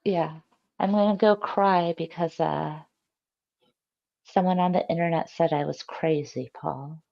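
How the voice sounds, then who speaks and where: Woman streamer, low-ish voice, teasing and crude, dry muffled voice-chat audio. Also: steady tone, measured pace, vocal fry, dark tone, no room sound. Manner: teasing, swearing, laughs often. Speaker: livestream host. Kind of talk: casual voice-chat banter. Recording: dull lo-fi voice chat.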